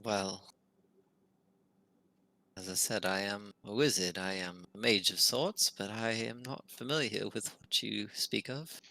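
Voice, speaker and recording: A man playing a wizard in a tabletop game, talking in character in an earnest, halting, curious way. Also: fairly low pitch, gravelly, pushed and bright, no echo. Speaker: player. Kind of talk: in-character tabletop role-play.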